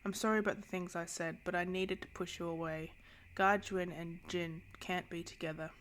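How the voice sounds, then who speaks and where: A woman reading aloud the lines of an earnest, protective young man from a novel, in a soft, low-key way. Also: fairly even intonation, normal speed, slight background noise, natural voice.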